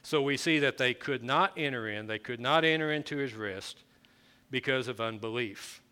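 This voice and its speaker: A man's voice: mid-range voice, moderate pace, sharp tone, smooth. A man preaching a conversational sermon, often restarting his phrases as he explains the scripture. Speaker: pastor.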